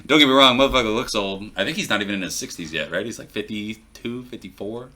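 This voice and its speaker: A man's voice: lowish voice, quick pace, bright, forceful tone. A man co-hosting a podcast, telling rambling stories in casual chat and swearing freely. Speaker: podcast co-host.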